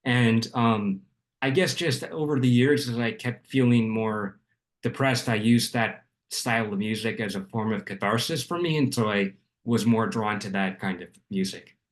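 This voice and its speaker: A young man from Arizona, a music producer guest, explaining his background in a measured, steady way with frequent ums. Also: lowish voice. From Arizona, USA. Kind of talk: casual interview.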